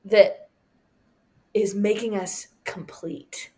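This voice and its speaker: A woman's voice: medium pitch, drawn-out words, breathy edge. A woman teaching a Bible study, telling stories and acting out the people she quotes. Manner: animated storyteller, acts out quotes, laughs often. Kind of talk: conversational Bible teaching with storytelling.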